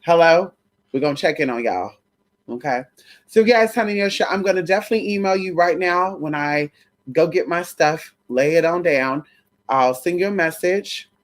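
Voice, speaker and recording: A woman's voice: on the low side, normal speed. A woman hosting a casual spiritual livestream, calling her viewers honey and y'all. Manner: animated, calls viewers honey and y'all, baby talk to crystals.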